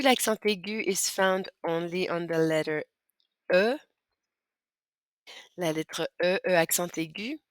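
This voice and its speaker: Her voice sits on the low side, and the recording is dry. A woman teaching French walks students through typing accent marks in a screen-recorded lesson, explaining each step clearly and patiently.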